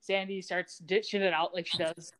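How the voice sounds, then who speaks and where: A woman co-hosting a podcast, chatting casually and telling stories in an animated, teasing way. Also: lowish voice, normal speed. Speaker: podcast co-host. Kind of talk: casual chat recapping a TV episode.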